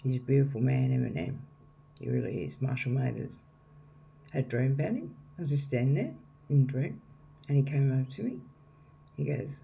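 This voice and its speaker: A man's voice: mid-range voice, animated, brisk, vocal fry, pauses often, mellow. A man giving a casual, rambling tarot reading to viewers, repeating himself and often checking in with "okay?". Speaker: tarot reader.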